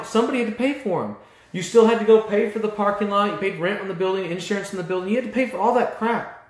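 A man's voice: sits high, echoey room. A man coaching auto repair shop owners in a fired-up, blunt, mildly profane motivational talk.

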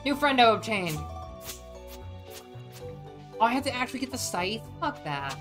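Animated, crude woman streaming a game. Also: fairly high pitch, normal speed, long pauses, music in the background. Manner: animated, crude and joking, often swearing. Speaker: vtuber streamer. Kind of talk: casual gaming stream chat.

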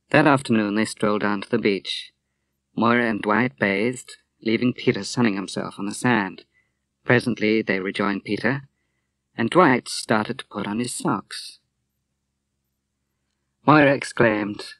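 A man narrating a novel as an audiobook reader, in a measured, even storytelling manner. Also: fairly low pitch, no echo, clean studio sound. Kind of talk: scripted narration.

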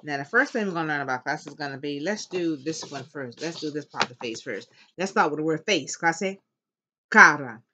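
A woman teaching an elementary Spanish class, slowly modeling words for students to repeat and cheering them on. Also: deep voice, expressive, sharp tone, a little hiss or hum. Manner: upbeat and encouraging. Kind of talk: classroom language lesson. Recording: dull lo-fi classroom recording.

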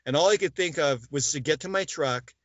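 Slightly high and a bit bright, the man's voice moves a little fast with no room sound around it. As an interview guest, he tells stories animatedly, voicing the quoted lines himself and filling them with "like" and "I go." The audio is dull and lo-fi.

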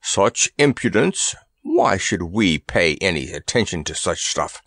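A man voicing a grumpy, proud male elephant in a storybook reading, with a gruff, grumbling manner. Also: low-pitched, big pitch swings, a little slow, fairly bright tone, no echo, pitched below the performer's own voice, full character voice.

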